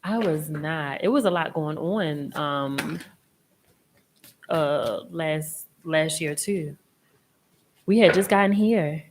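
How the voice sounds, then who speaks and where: A young woman hosting a casual live tarot reading, chatty and expressive, with a reassuring tone and casual swearing. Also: low voice, slow pace, pauses often, a little hiss or hum. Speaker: tarot reader and live stream host.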